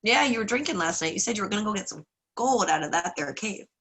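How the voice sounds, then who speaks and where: A woman's voice: medium pitch, animated, quick pace, a bit bright, husky. Casting: demanding barroom drinker, voiced by a woman, plain everyday tone. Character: grumbling man at a bar, owed gold.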